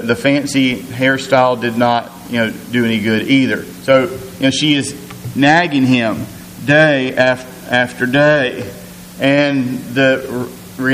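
A man's voice: medium pitch, fairly bright tone, slight background noise. Man preaching in a reverberant hall. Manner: conversational, with many restarts and fillers. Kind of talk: sermon with scripture reading.

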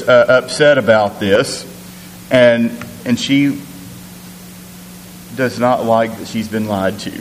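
A man preaching a sermon, reading scripture aloud and retelling it in a conversational, halting way with many restarts and fillers. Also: medium pitch, long reverb tail, slight background noise, low-quality recording.

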